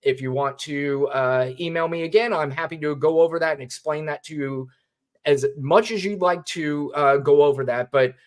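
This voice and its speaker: A man's voice: on the high side, normal speed. A man co-hosting a political podcast, talking bluntly and sarcastically with frequent profanity. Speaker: podcast co-host. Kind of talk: political commentary chat.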